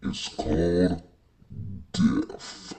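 A performer voicing a possessed adult male plumber who talks slowly with a sinister, falsely calm manner. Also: low-pitched, a little hiss or hum, pitched below the performer's own voice. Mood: menacing. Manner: slow, menacing, falsely calm. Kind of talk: fan puppet-style comedy video.

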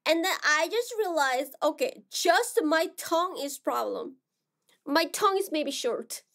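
High-voiced Korean-accented woman, slow and halting. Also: animated. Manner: halting, hesitant, with many fillers and restarts; soft-spoken. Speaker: streamer. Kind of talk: casual chat with stream viewers.

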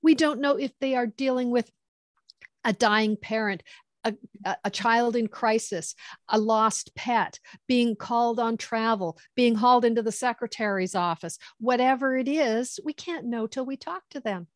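A middle-aged woman consultant telling stories in conversation, animated and acting out quoted dialogue. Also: on the high side, normal speed, no room sound, clean studio sound. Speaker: government contracting consultant. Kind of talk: conversational storytelling.

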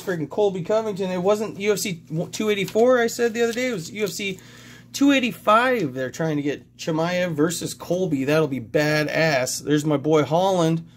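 A man hosting a casual card-opening vlog, agitated and rambling, swearing constantly. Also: high voice. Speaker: sports card collector vlogger.

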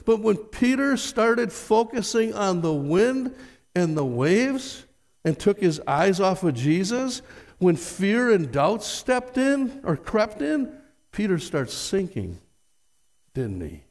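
A man's voice: high voice, big pitch swings, slow, darkish tone, big-room sound. A male pastor preaching a sermon. He reads scripture aloud with dramatic emphasis and puts rhetorical questions to his congregation. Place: church sanctuary.

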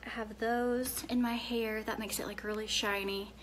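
Tennessee woman, Southern accent, chatty live phone video, slightly high voice, faint hiss behind. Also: little pitch movement, normal speed. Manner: chatty, answers viewer comments, drops to soft murmurs while styling. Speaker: live-stream hair demonstrator. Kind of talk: casual live video chat.

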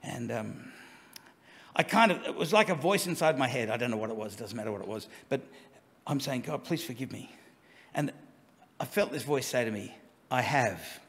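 A man's voice: mid-range voice, expressive, brisk, fairly bright tone. A man preaching a sermon in a conversational, storytelling way, with asides and restarts. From Australia. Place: church. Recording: long church reverb.

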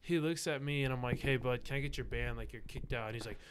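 A man's voice: mid-range voice, fast. A young man chatting casually on a podcast, rambling through a story, full of "like" fillers and acting out what people said. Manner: rambling, many "like" fillers, acts out quoted lines. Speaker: podcast guest, bouncer.

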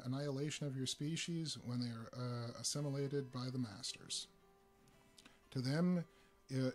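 A man voicing a weary giant alien scout who speaks formally, slowly and without feeling. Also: medium pitch, natural voice. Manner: slow, quiet, formal and dispassionate.

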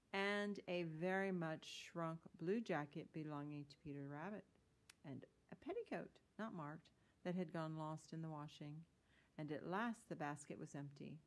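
Gentle woman reading a children's story. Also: sits low. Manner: gentle, unhurried storytelling with small slips.

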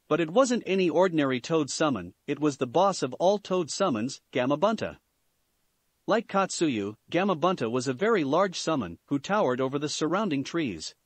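A man narrating a fan fiction story in a plain, steady reading voice. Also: a little high, normal speed, no room sound. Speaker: story reader.

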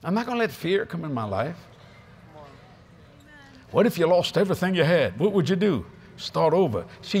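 Older man, Cajun Louisiana accent, folksy storytelling sermon, lively swooping pitch, faint background noise. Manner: folksy, laughing, acts out voices in his stories. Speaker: preacher. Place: large convention hall.

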